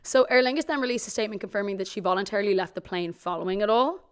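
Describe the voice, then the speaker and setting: A woman's voice: medium pitch, very fast, smooth. A young Irish woman co-hosting a podcast, chatting casually, gossiping and swearing freely. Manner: gossipy, swears freely, reads tweets aloud. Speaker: podcast co-host. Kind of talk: casual chat.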